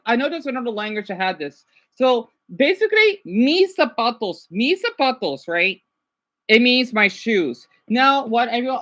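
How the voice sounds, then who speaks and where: A woman's voice: fairly high pitch, fairly bright tone. A woman vlogger chatting casually about learning languages, rambling and hesitant, often checking in with "right?".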